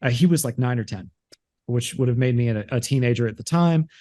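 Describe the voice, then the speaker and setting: Speaking briskly in a mid-range voice, a man co-hosts a podcast. It's loose, rambling chat full of restarts, and he livens it up by acting out movie lines.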